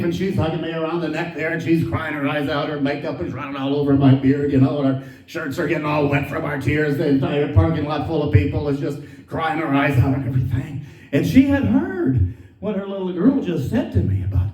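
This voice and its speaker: A man's voice: a little high, a little mellow. A man doing stand-up comedy, telling a long folksy story and laughing at his own jokes. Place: theater stage. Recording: roomy theater sound from a distance.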